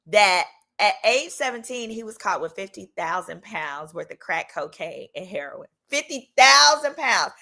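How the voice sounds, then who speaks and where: A woman attorney hosting her channel, telling a comedic story in a playful, animated way and acting out the people in it. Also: a little high. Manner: animated, playful, acts out quoted voices.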